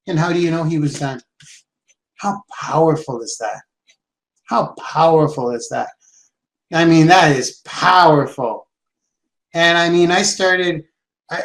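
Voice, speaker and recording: A man giving an energetic sales training talk, repeating his key points for emphasis. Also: fairly high pitch. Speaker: sales and branding coach. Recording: roomy echo.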